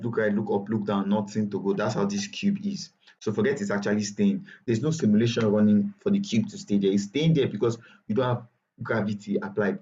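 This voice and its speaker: A man with a Nigerian English accent teaching a live online software class, chatty and repetitive, often correcting himself. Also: lowish voice, dull audio. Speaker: bootcamp instructor.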